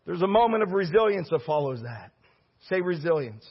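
A man's voice: on the high side, big pitch swings, brisk, breathy edge, lo-fi sound. A male pastor preaching a sermon with fervor and repeating key phrases for emphasis.

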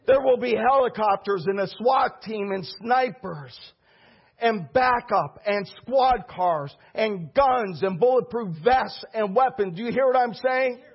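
A high-pitched, husky middle-aged man preaching a sermon. He drives his points with call-and-response and rising shouts. The recording is dull and lo-fi. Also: measured pace. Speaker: pastor.

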